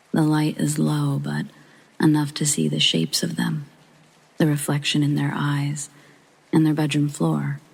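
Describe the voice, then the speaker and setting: A channel host with a gravelly, husky, medium-pitched voice reads a true scary story aloud as a hushed sleep story, often half-whispering. The recording is rough.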